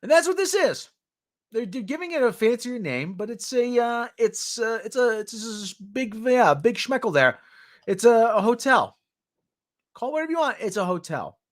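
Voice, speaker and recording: A man's voice: very high-pitched, sing-song, normal speed. A man hosting a podcast, giving sarcastic, ranting news commentary in a mocking tone. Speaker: podcast host.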